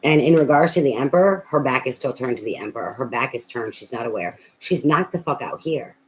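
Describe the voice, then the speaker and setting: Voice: medium pitch, animated, brisk, slight background noise, rough recording. A tarot reader giving a casual reading, talking bluntly and emphatically with a lot of profanity and repetition.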